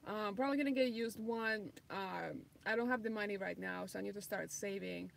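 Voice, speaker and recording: Livestream host, woman, 30s, non-native English speaker, vocal fry, loose and filler-heavy. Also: mid-range voice, brisk, slight background noise. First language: not English. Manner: reads viewer comments aloud, many ums. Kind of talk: casual livestream Q&A.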